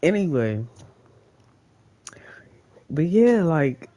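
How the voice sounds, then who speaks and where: A vlogger rambles to the camera in a loose, unscripted monologue. The voice swings widely up and down in pitch. The speech is full of swearing and breaks into laughter again and again. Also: big pitch swings, drawn-out words, warm tone. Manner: profane, rambling, laughs often.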